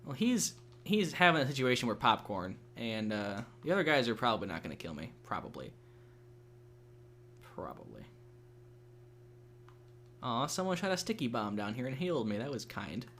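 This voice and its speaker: Young male gaming host, casual rambling chat, swears freely, mid-pitched voice. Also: sing-song, quick pace, hardly any pauses, a bit bright, slight background noise. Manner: rambling, many fillers and restarts, swears freely.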